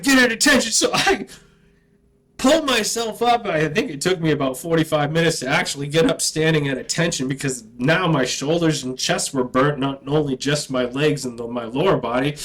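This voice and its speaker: A man, an army veteran, telling a casual, profane, animated story about basic training. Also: on the high side, low-quality recording.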